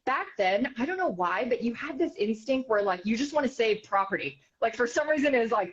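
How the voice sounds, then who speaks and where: A woman from the United States, a news reporter and author, telling an animated story as an interview guest, quick and full of fillers. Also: a little high. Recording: slightly dull, muffled sound.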